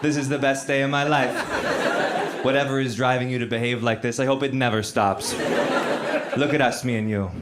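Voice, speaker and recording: A man's voice: mid-range voice, fairly quick, pitched above the performer's own voice, lightly acted. A man voicing an overjoyed pet dog that gushes with devotion, in a stand-up routine. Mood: thrilled. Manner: excited, gushing. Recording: loud background noise.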